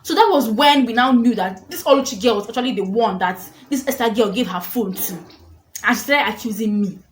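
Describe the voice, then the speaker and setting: A young woman telling a storytime vlog, animated and dramatic, laughing often. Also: fairly high pitch, brisk. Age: young adult. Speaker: vlogger. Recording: echoey room with faint noise.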